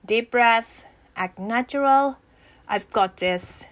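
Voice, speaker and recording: A woman's voice: fairly high pitch, takes it slowly. A woman playing a nervous teenage schoolgirl in a scripted monologue, hesitant and talking to herself as she rehearses. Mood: hopeful. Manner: hesitant and self-talking, stopping to rehearse lines.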